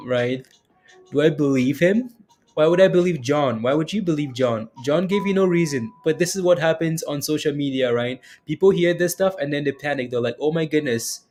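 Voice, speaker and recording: A man's voice: fairly high pitch, darkish tone. A man casually chatting with his livestream audience about crypto prices, answering comments and often tagging his sentences with "right?". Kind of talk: casual chat reading live comments.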